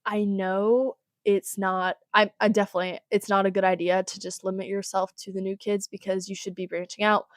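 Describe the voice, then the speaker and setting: A woman's voice: mid-range voice, level tone, fairly quick, hardly any pauses, no room sound. Chatty teenage girl, dry close sound. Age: teens. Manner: chatty, rambling, with sighs and exasperated asides. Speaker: podcast host. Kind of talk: casual advice monologue.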